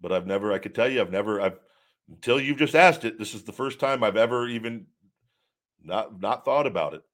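A man's voice: lowish voice, lively intonation, a little fast, a bit bright. A man hosting a live show, rambling candidly as he reads out viewer questions and answers them off the cuff. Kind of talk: casual live-stream chat.

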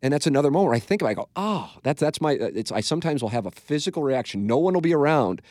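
A man's voice: medium pitch, lively intonation, racing, darkish tone, no echo, studio quality. A middle-aged man hosting a radio-style podcast, telling profane, self-mocking stories in casual chat. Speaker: radio show host.

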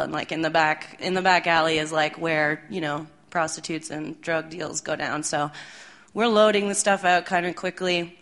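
A woman's voice: fairly low pitch, fairly bright tone, slight background noise. A woman telling a tour story live on stage, chatty and laughing, with lots of fillers.

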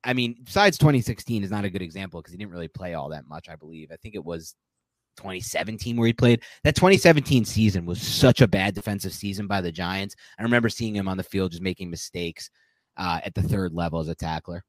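Low-voiced rambling sports podcast host. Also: male voice, fast, no room sound. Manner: rambling, self-correcting, animated. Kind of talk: casual sports podcast chat.

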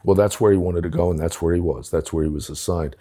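A man's voice: low voice, steady tone, quick pace, mellow, slightly rough. An older man telling a war story from his police days, blunt and profane, acting out the dialogue. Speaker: former police commissioner. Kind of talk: casual storytelling.

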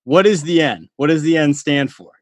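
A man's voice: on the high side, moderate pace, dry recording. Upbeat male podcast host, dry sound. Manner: laughs easily, upbeat and chatty. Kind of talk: casual interview chat.

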